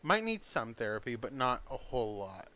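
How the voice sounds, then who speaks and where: A game master leading his players through a tabletop session on an online call. His pitch sits mid-range but swings widely, and he talks in a loose, chatty way. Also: big pitch swings, moderate pace, sharp tone. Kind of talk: running a tabletop game over voice chat.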